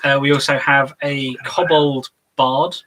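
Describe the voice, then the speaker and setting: A man's voice: mid-range voice, steady tone, unhurried, fairly bright tone, low-quality recording. A man co-hosting a casual tabletop gaming chat, talking in a rambling, hesitant way with lots of fillers. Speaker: co-host.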